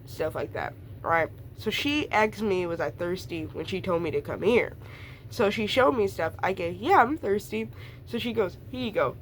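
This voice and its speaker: A woman's voice: medium pitch, a bit bright, slight background noise. A young woman casually telling a rambling personal story, full of fillers and asides. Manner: rambling, lots of fillers and laughs, quick asides.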